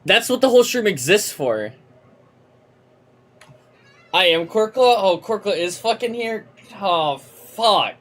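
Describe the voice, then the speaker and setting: A woman's voice: medium pitch, takes it slowly, long pauses. A young adult woman streaming a game, chatting and ranting with lots of swearing. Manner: ranting, profane, animated. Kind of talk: live game-stream chat.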